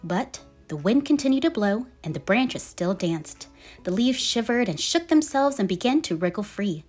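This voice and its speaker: A woman reads a children's picture book aloud, gentle and expressive like a storyteller. Her voice is medium-pitched at a moderate pace, with soft music playing in the background.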